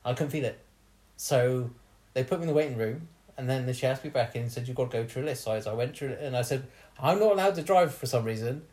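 A young man tells a rude, funny story to his co-hosts. He keeps laughing and bursts into lively retellings of what everyone said. His voice sits at an ordinary pitch. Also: quick pace. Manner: laughs often, bawdy, animated retelling. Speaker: podcast host telling a story. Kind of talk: casual comic storytelling.

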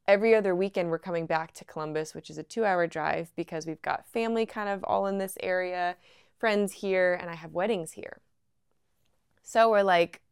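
A young woman hosting a podcast, telling a personal story at home in a chatty, animated way and laughing often. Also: fairly low pitch, moderate pace, smooth, no echo, studio quality. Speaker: podcast host. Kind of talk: casual storytelling.

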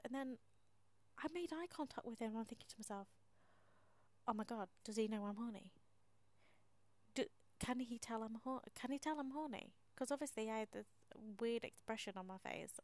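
Talking at a moderate pace, a woman with a slightly high, darkish voice delivers a casual podcast monologue with no echo. She's self-mocking and chatty, often slips into a half-whisper, and laughs and swears through her story.

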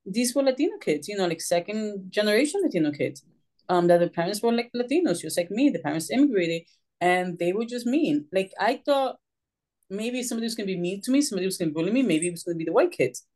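Her mid-range voice moves fast as this Puerto Rican guest author, a native Spanish speaker with a Puerto Rican Spanish accent, recounts her story in a relaxed interview. She's an animated storyteller who reenacts her own past questions.

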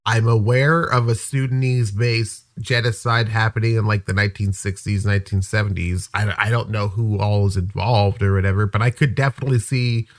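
A man's voice: fairly low pitch, fairly even intonation, a little fast, few pauses, dry recording, clean studio sound. A man hosting a stream, rambling in casual profane banter and acting out bits. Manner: rambling, swears freely, acts out bits. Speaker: streamer host.

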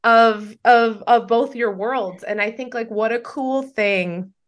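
A woman's voice: on the high side, slow pace. A woman hosting a podcast interview, effusive and encouraging toward her guest. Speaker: podcast host. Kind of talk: casual interview chat.

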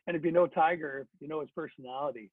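A man's voice: a little high, fast talker, slightly rough, no echo. A middle-aged man who is a former hockey player, telling a story in a chatty, casual way with many fillers and restarts. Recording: dry phone-like sound.

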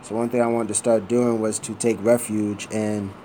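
A man's voice: lowish voice, flat delivery, moderate pace, mellow, a little hiss or hum. A man talking casually to the camera, meandering and thinking aloud, with some swearing. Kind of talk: casual rambling vlog.

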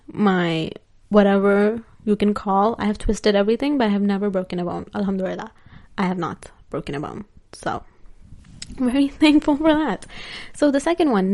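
A woman's voice: medium pitch, warm tone. A young woman vlogger telling a story in casual chat, laughing often and using lots of filler words.

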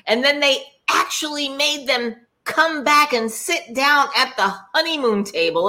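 A woman co-hosting a casual recap chat over a video call, blunt and animated, acting out what others said. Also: on the high side, moderate pace. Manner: blunt, animated, acts out quotes. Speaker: podcast co-host.

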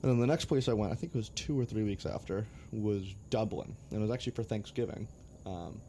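Young american guy telling travel stories, lowish voice, kinda chill, bit of hiss. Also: dark tone. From United States. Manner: laid-back, profane, joking. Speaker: guest. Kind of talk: casual storytelling.

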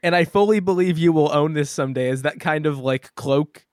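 A man's voice: a little high, a little fast, dry recording, clean studio sound. Joking, rambling male podcast host. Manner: joking, rambling with many fillers. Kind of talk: casual podcast chat.

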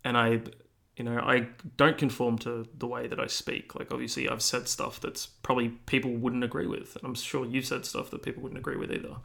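A man's voice: medium pitch, flat delivery, a little fast, vocal fry, a bit bright. A young man co-hosting a podcast, chatting casually with lots of fillers and restarts. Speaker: podcast co-host. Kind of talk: casual chat.

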